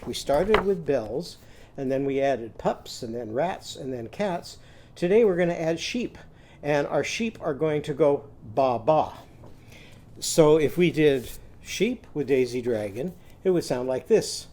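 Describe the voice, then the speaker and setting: A man's voice: on the high side, lively intonation, moderate pace, dark tone. A man teaching young children a phonics lesson, singing little chants and leading sound drills for them to repeat.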